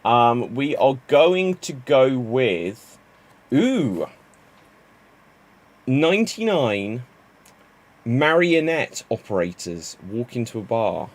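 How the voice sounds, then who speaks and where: A man hosting an online improv comedy show, telling quick joke setups and calling on players with a laugh. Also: mid-range voice, very animated. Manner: chatty, laughs at jokes, quick to move on.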